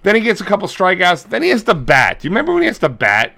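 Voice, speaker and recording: A man co-hosting a podcast, retelling a movie in crude, rambling, animated casual chat. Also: sits high, racing, vocal fry. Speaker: podcast co-host.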